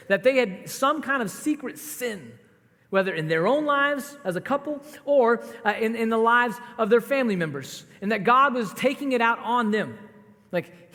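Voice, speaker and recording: A man preaching a sermon as pastor, telling the story in a conversational, animated way with asides to the congregation. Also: high voice. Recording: long hall reverb.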